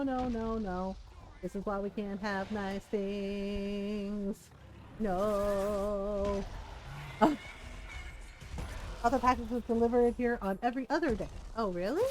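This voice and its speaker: A woman's voice: mid-range voice, a little mellow, a little hiss or hum, low-quality recording. A woman chatting casually while streaming a game, laughing often and acting out bits. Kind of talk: casual gaming stream chat.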